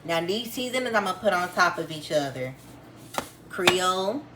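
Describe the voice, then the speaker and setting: A woman's voice: fairly low pitch, animated, normal speed, heavy background noise. Chatty woman cooking at home. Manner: chatty, addresses viewers as y'all, homespun instructions. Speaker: cooking vlogger. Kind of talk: casual cooking tutorial. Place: home kitchen.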